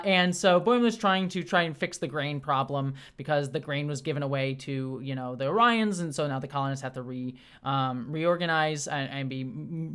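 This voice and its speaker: Fast-talking, gushing review host. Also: medium pitch, a bit bright, clean tone. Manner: gushing, fast-talking, many restarts and fillers. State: briefly teary. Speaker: show host reviewing episodes. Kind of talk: casual solo review chat.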